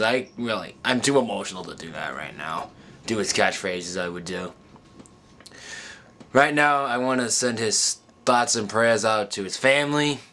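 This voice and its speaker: A man with a bright, forceful tone talks straight to his viewers about the playoffs. He halts often, restarting his sentences and filling gaps with ums. He sounds close to tears. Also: fairly low pitch. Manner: halting, many ums and restarts, choked up. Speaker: sports vlogger. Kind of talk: casual emotional monologue.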